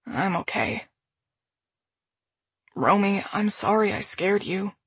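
Brief: woman reading an exhausted young man, husky and soft-spoken, apologizing haltingly. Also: medium pitch, expressive, no room sound, heavily acted. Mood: weary apologetic. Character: tired, apologetic young man on a video call.

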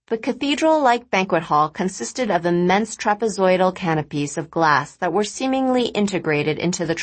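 Woman, audiobook narration, low pitch, measured expressive reading. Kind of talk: scripted narration.

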